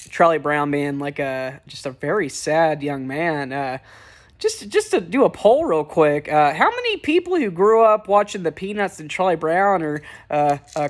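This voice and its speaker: Chatty, joking young man vlogging. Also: fairly high pitch. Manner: chatty, joking, full of fillers and restarts. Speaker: vlogger reviewing holiday films. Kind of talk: casual, rambling commentary.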